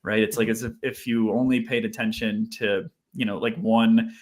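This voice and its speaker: A man speaking as a guest researcher in a casual interview, reflective and often laughing softly between phrases. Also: fairly low pitch, little pitch movement, moderate pace.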